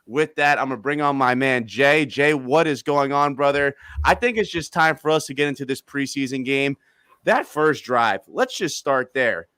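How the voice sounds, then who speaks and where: A man in his thirties talks sports in a loose, casual way, turning excitable in quick animated bursts. His voice sits in a middle pitch. The sound is dry and close, with no room in it. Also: smooth, no echo. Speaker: podcast host.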